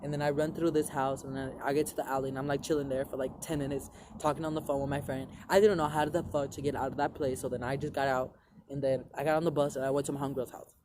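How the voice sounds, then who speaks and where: A man's voice: medium pitch, flat delivery, fast, noisy background. A young man telling a long personal story to his viewers in a rambling, profane way, full of "like" fillers. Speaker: vlogger. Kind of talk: casual storytelling to camera.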